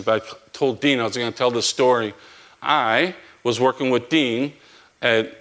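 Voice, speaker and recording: Middle-aged male preacher, mid-pitched, relaxed storytelling delivery with repeats and restarts. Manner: conversational storytelling with repeated phrases. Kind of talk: sermon.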